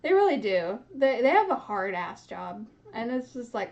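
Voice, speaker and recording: Giggly high-voiced young woman. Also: big pitch swings, normal speed, a little mellow, highs cut off. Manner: giggly, chatty, often laughing mid-sentence. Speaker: book reaction host. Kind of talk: casual reading reaction chat.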